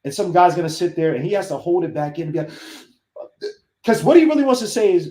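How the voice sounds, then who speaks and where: A man's voice: sits high, very animated, fairly quick, warm tone. A man on a casual podcast, telling stories with animation and acting out the voices of people he quotes. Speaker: podcast host. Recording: roomy echo.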